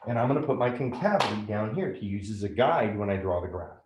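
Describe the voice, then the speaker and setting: A man's voice: lowish voice, lively intonation, fast talker, roomy sound, heavy background noise. A man teaching a math lesson step by step, often checking in with "right?".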